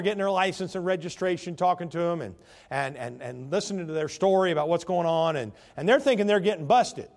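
Animated Baptist preacher man. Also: a little high. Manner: animated, swings from hushed to loud. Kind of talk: sermon with storytelling.

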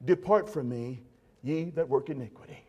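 A man voicing a stern male divine judge who hands down a slow, grave pronouncement. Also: medium pitch, a little mellow, breathy edge, lo-fi sound, pitched below the performer's own voice, close to an everyday voice.

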